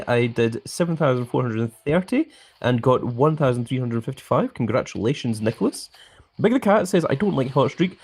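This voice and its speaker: A man hosting a live game stream, reading out viewer messages in a casual, chatty way. His voice is gravelly, with a husky edge. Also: mid-range voice, lively intonation, fairly quick, darkish tone. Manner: chatty, reads viewer comments aloud.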